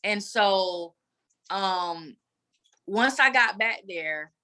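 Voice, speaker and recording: A woman guest telling a candid personal story in an earnest, animated way. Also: medium pitch, drawn-out words. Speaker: guest advocate.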